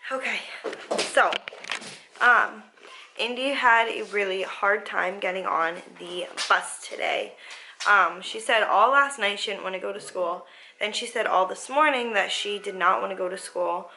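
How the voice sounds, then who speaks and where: A woman's voice: medium pitch, measured pace, pushed and bright, slight background noise, poor audio. A woman telling a family story in a casual vlog, rambling on with many fillers and acting out what everyone said. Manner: rambling retelling with many fillers and quoted dialogue. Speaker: mother vlogger.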